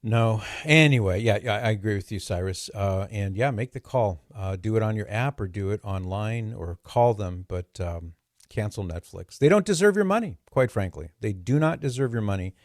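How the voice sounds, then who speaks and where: Lively male radio host, dry studio sound. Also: on the low side, moderate pace, dry recording. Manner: animated, laughs easily, repeats words for fun. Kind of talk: casual radio talk.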